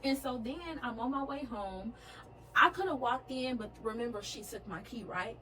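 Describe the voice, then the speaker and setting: A woman's voice: a little high, moderate pace, bright, forceful tone, a little hiss or hum, rough recording. A young woman vlogger telling a storytime, chatty and checking in with her viewers. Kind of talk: storytime vlog.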